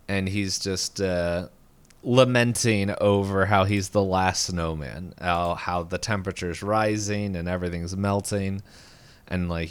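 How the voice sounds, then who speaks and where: Smooth-voiced man rambling through a recap. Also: low voice. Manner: rambling, animated retelling with quick voiced quotes. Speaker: podcast co-host. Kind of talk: casual recap chat.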